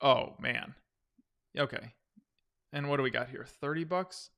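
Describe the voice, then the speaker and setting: A man runs a stock-trading livestream, loosely answering viewer questions and talking through charts in a casual way, often restarting sentences. His mid-range voice is a little slow and creaky, with a sharp tone.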